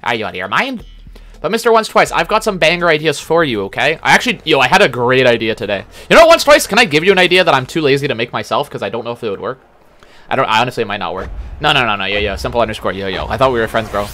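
Young male streamer, quick and animated, joking and yelling at gameplay. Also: mid-range voice, soft background music. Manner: joking, chatty, reads chat aloud, yells at the game. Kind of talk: live gaming stream commentary.

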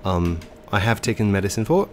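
A man's voice: fairly low pitch, expressive, fast talker, slight background noise. A man with a stuffy, congested nose, commentating a video game in a put-on English accent and hesitating with ums and self-corrections. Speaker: let's play host.

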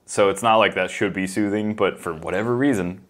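A man co-hosting a podcast in casual chat, animated and full of fillers. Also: deep voice, brisk. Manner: animated, lots of fillers, mimics voices. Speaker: podcast co-host.

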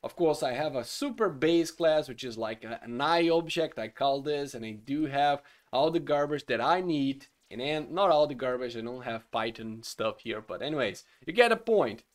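A man, a solo game engine developer, ranting in exasperation about his code, swearing and bursting out loudly. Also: mid-range voice, expressive, normal speed, hardly any pauses. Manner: exasperated and swearing, loud outbursts. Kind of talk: frustrated coding rant.

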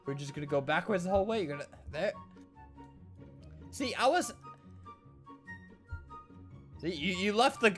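A man's voice: high voice, animated, normal speed, long pauses, a bit bright. Man, joking game commentary, mock-sad and sarcastic, laughs a lot, faint music behind. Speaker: gaming commentator.

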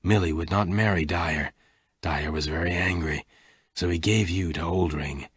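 A man doing a quiet, gruff old gunman. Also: steady tone, moderate pace, no echo, studio quality. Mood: gentle. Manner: low, quiet, gentle.

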